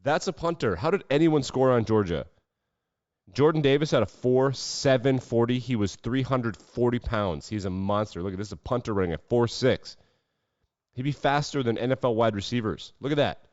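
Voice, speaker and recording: A man's voice: mid-range voice, darkish tone, dry recording. Man, sports podcast host, sarcastic, casual commentary, dull lo-fi audio. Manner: sarcastic, wry asides. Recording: dull lo-fi dry sound.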